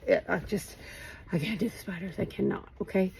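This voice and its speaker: A woman in her thirties vlogging, telling a rambling, animated story full of fillers. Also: medium pitch, brisk, creaky, a little hiss or hum, rough recording. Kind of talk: casual storytelling chat. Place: home, late night.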